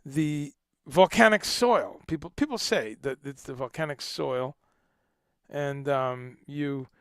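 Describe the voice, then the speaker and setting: A man hosting a casual livestream chat, animated and joking, who swears casually and greets viewers by name. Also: a little high, creaky, no room sound, clean studio sound. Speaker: livestream host.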